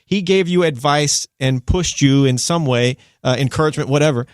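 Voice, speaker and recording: A man hosting a radio interview, chatty and joking, with quick asides. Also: a little high, clear, resonant tone, no echo, clean studio sound. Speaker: radio host. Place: radio studio.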